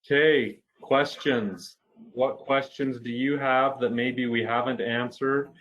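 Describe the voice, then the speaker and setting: Friendly man stumbling through a webinar pitch. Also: steady tone, fairly bright tone, dull audio. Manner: halting, repeats words, friendly and jokey. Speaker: physical therapist co-hosting a webinar. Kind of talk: casual webinar talk.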